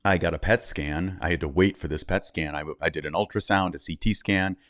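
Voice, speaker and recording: Man, middle-aged, very low pitch, candid storyteller, dry recording. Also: a little fast, no room sound. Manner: candid, animated storyteller who acts out quotes. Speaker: guest. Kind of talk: interview storytelling.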